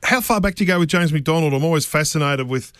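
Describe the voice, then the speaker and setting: Brief: slightly higher-pitched male co-host, dry studio sound, inquisitive questions. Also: fast talker, fairly bright tone, no echo. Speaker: radio co-host. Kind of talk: racing talk interview.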